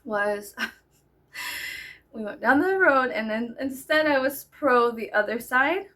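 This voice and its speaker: A woman telling a story in a casual way, animated and breaking into loud laughing shouts. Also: mid-range voice, unhurried, gravelly.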